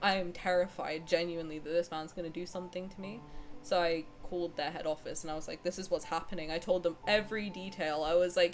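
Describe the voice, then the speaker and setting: A woman's voice: fairly low pitch, slight background noise. A young woman streamer casually telling a long personal story, rambling with lots of fillers and restarts. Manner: rambling, filler-heavy, restarts mid-sentence.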